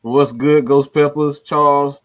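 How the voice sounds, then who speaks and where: A man's voice: on the high side, fairly even intonation, unhurried. A man hosting a fan channel, ranting about his team with slang, swearing and lots of repetition. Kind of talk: profane sports fan rant.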